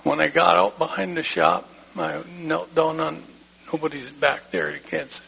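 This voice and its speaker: A man's voice: on the high side, sing-song, moderate pace. A man giving an emotional personal testimony in church, plain-spoken and heartfelt. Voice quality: gravelly, husky voice. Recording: dull lo-fi recording.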